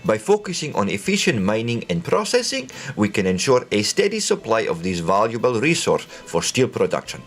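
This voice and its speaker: A man's voice: on the low side, huge pitch swings, moderate pace, few pauses, full character voice. Man putting on a mock-Russian Soviet official. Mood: formal. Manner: formal, stiff delivery. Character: stern male Soviet official reporting orders.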